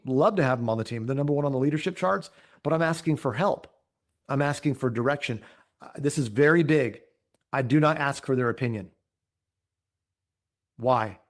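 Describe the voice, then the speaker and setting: Upbeat male trainer, a bit high-pitched, folksy, acts out sales scripts for the room. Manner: energetic, folksy, keeps asking "right?". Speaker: speaker at a business training. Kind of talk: coaching talk with role-played scripts.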